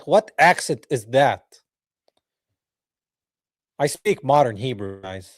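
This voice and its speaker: A man hosting a reaction video, commenting in an animated, mocking way, laughing and talking straight to his viewers. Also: medium pitch, takes it slowly, dry recording, studio quality. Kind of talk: reaction commentary over a played clip.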